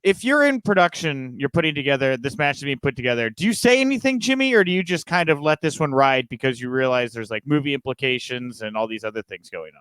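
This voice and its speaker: A man's voice: mid-range voice, lively intonation, quick pace, hardly any pauses, fairly bright tone, smooth, no room sound, poor audio. A man hosting a podcast, asking questions in an eager, conversational way with lots of fillers. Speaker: podcast host. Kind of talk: casual interview chat.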